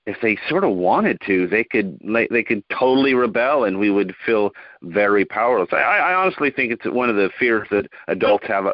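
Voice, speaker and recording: A man hosting a podcast interview, speaking thoughtfully with halting restarts. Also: fairly low pitch, expressive, no room sound, highs cut off. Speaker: podcast host.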